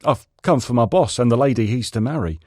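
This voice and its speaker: A worried working chauffeur, loud and fretful, respectful to his lord, his voice pitched up from the narrator's own, as a man acts him out. The read is dry and close-miked. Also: lively intonation, a little fast, dry recording, natural voice. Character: anxious male chauffeur, worried, deferential.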